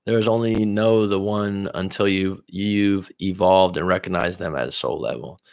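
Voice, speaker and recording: A Californian man hosts a relaxed live stream, reading out viewer messages and riffing on them. His voice sits low, with a gravelly, fry-heavy edge. He talks loosely and drifts between topics. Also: normal speed. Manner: reads viewer comments aloud and answers them; loose, rambling, with fillers and restarts. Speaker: relationship coach hosting a live stream. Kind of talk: casual live-stream chat.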